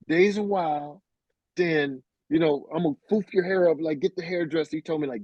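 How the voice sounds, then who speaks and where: A middle-aged man recounts a story in a relaxed, animated way, slipping into the voices of the people he quotes. His voice sits a little high, and it comes through dry and slightly muffled, like audio from a video call. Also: dry recording. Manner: animated, acts out quoted voices, fillers like "like" and "bro". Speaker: guest musician, keyboardist. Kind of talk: casual storytelling in an interview.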